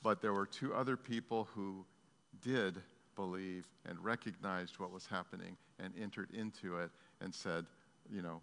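A male pastor preaching a sermon, telling a story in an earnest, halting way. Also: sits low, fairly even intonation, vocal fry, a bit bright. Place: church sanctuary. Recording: long hall reverb.

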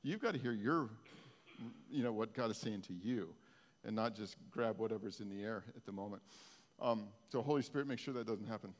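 A male pastor giving a conversational sermon, his intensity swinging from soft to loud. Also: lowish voice, fairly quick, big-room sound. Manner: conversational preaching, rising and falling in intensity.

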